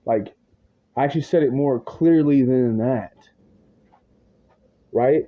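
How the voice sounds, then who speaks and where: A man's voice: medium pitch, slow pace. A man ranting agitatedly in a rambling, profane monologue full of slang, his words tumbling into restarts. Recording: dull lo-fi audio.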